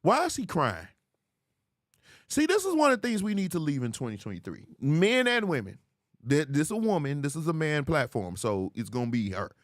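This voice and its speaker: A man hosting a commentary show on viral clips, animated and mocking, laughing often and jumping into high squeals to ridicule. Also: fairly quick, no room sound, studio quality. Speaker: host.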